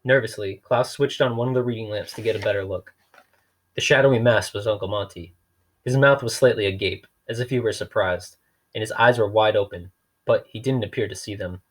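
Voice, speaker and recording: A man's voice: on the low side, brisk. A man reading a novel aloud in a dry, wry storytelling manner. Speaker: reader.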